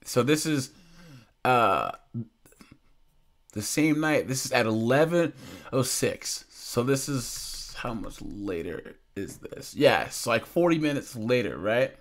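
A man's voice: medium pitch, expressive, slow pace. A young man hosting a casual reaction commentary, amused and incredulous, often laughing as he reads out chat logs. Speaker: commentary channel host.

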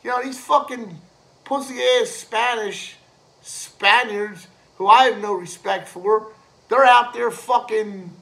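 Male ranter, high bright voice, slow unhurried delivery, crude and rambling, filler-laden. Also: creaky, low-quality recording. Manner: swears constantly, filler-heavy, laughs at own jokes. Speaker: host ranting to camera. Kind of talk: profane rambling rant.

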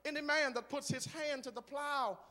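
A man preaching a sermon in a large church, moving from quiet talk to shouted, rhythmic preaching. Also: extremely high pitch, fairly even intonation, moderate pace, in a large hall. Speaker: guest preacher.

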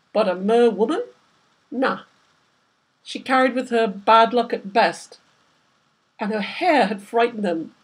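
A woman's voice: fairly high pitch, breathy edge. A woman, the author, reading aloud from her novel with vivid, dramatic storytelling. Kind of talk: literary reading.

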